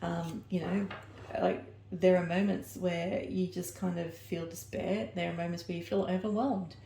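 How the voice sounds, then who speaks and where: A woman's voice: on the low side, steady tone, moderate pace, vocal fry, warm tone, roomy sound. A woman giving an oracle card reading, rambling and searching for her words as she corrects herself mid-sentence. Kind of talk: personal oracle reading to camera.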